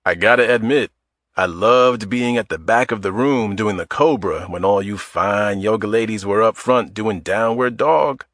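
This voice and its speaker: A man's voice: on the low side, moderate pace, a bit bright, no echo, clean studio sound, close to an everyday voice. A man voicing a wry, self-deprecating man in his mid-forties in an audiobook. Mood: joking. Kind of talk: audiobook character voice.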